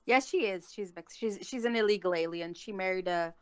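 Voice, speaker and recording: A woman's voice: mid-range voice, a little fast, clean tone, dry recording. Angry swearing woman ranting on a stream, dry dead sound. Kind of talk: heated casual chat.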